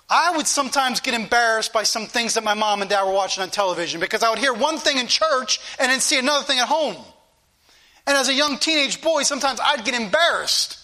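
A man's voice: extremely high pitch, pushed and bright. A middle-aged man preaching a fervent sermon in a church, his delivery rising and falling with passion.

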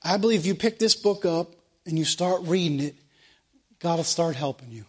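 A man's voice: fairly high pitch, lively intonation, normal speed. A man preaching a sermon, emphatic and repetitive, asking the congregation rhetorical questions.

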